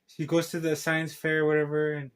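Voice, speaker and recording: A man's voice: fairly high pitch, completely flat delivery, fairly quick, a bit bright, clean tone. Rambling man recapping a film. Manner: rambling, tangled retelling with many restarts. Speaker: film reviewer. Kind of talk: casual spoken film recap.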